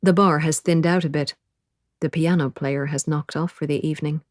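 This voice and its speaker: A woman narrating an audiobook in the first person, measured and quiet. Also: deep voice, steady tone, no room sound, clean studio sound.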